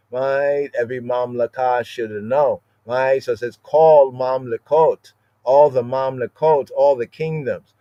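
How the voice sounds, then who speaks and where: A man teaching scripture on a podcast, slowly repeating Hebrew words and often asking "right?". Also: mid-range voice, mellow, no echo, muffled recording.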